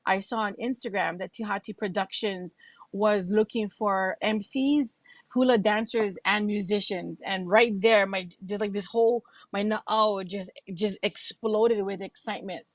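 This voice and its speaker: A woman's voice: medium pitch, steady tone, unhurried, dry recording. A woman from Hawaii with a Hawaiian accent, telling her story as a guest on a livestream in an effusive, heartfelt way. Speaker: guest, radio host and emcee. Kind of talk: livestream interview.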